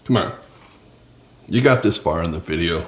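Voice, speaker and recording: A man's voice: deep voice, expressive, moderate pace, echoey room. A man hosting a casual cooking vlog from his small home kitchen, chatting and joking with viewers. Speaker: cooking channel host. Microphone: several cameras on the counter.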